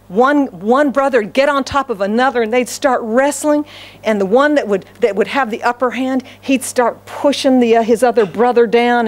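A middle-aged American woman pastor preaching a sermon in a church, telling a story with frequent laughter and acted-out quotes. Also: fairly high pitch. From United States.

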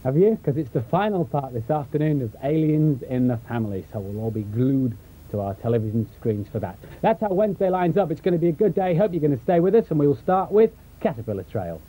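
A man's voice: a little high, big pitch swings, quick pace, warm tone, poor audio. A young man presenting children's television, a little out of breath, chatty and talking straight to the young viewers. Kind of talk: live continuity presenting. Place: small studio booth. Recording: rough old TV recording with faint hiss.

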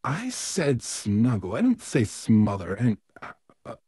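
A man voicing an evil male puppet neighbor in a fan audio role-play, smug and menacing, with a slow, theatrical drawl. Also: mid-range voice, wildly swooping pitch, mellow, husky, no room sound, studio quality, full character voice. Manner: slow, drawn-out, theatrical delivery with smug laughs.

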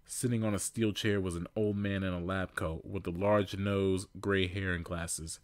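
A man's voice: low voice, fairly even intonation, moderate pace, no room sound. A male podcast host reading fan fiction aloud, amused, with laughing asides.

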